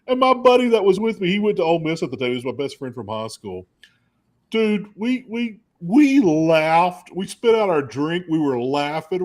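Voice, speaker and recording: A man, co-hosting and telling a rambling, animated story in casual chat. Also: normal speed. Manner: rambling, animated storyteller with high put-on quoted voices. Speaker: co-host.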